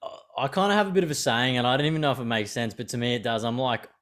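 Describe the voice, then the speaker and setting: A young Australian man hosts an unscripted podcast chat. He swears freely and keeps it animated, slipping into quick impressions of other people. His voice sits at an average pitch for a man. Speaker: podcast host.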